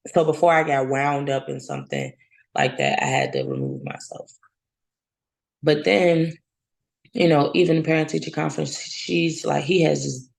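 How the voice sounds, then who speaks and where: A woman's voice: rumbling low, creaky, a little mellow, no echo, low-quality recording. A woman in her thirties giving candid personal testimony in casual talk. She speaks bluntly, swears freely, and acts out both sides of the scenes she describes. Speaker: guest sharing her story.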